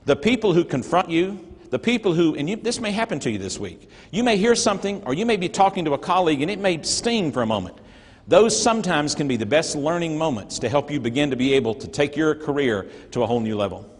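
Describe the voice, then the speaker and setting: Middle-aged man, earnest motivational speaker, slightly high voice, reverberant hall. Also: lively intonation, fast talker, slightly rough. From North Georgia, USA. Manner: earnest, folksy storyteller with emphatic swings in loudness. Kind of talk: storytelling keynote speech to a live audience.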